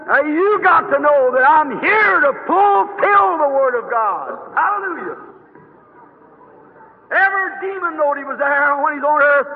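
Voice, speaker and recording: Preacher man, fervent folksy sermon, really high voice, tinny old tape. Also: expressive, unhurried. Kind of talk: dramatized sermon. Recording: echoey hall, tinny lo-fi tape.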